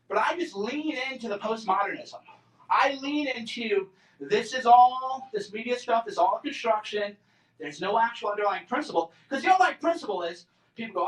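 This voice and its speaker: This combative, sarcastic talk comes from a guest speaker in his forties addressing students in a college lecture room. His very high voice has a fairly bright tone, and he mocks people in put-on voices. Captured from a distance, it sounds roomy.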